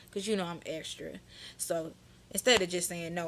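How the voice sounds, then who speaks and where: Sassy, animated young woman telling a story. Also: fairly low pitch, normal speed. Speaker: vlogger. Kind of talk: storytime vlog.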